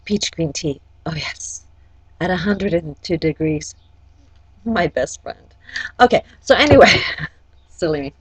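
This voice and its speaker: A woman's voice: on the low side, a little slow, long pauses, breathy edge, no room sound, low-quality recording. Chatty lady doing horoscopes, keeps saying okay?, very dry sound. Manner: chatty and animated, often adds "okay?". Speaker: astrology forecaster and life coach. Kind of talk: casual spoken horoscope forecast.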